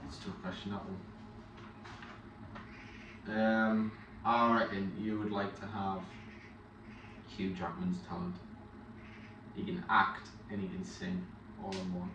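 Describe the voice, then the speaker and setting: A young man co-hosting a podcast, bantering quickly and teasing in casual chat. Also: sits low, level tone. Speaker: podcast co-host. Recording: echoey room, distant mic, noisy.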